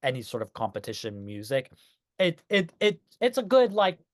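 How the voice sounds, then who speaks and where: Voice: mid-range voice, big pitch swings, moderate pace, dry recording, clean studio sound. A podcast co-host in casual chat, talking enthusiastically and swearing casually.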